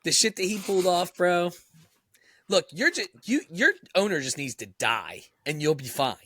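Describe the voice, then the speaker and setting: A man's voice: sits high, expressive, normal speed, bright, forceful tone, no echo, studio quality. A man co-hosting a podcast, joking bluntly and crudely in casual chat. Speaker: podcast co-host.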